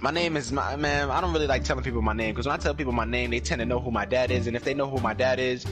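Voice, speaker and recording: A man's voice: medium pitch, racing. A young man in a comedy skit playing a pushy fan in street slang, swinging from fawning to threatening. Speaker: skit actor playing an overeager teen fan. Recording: music playing under the voice.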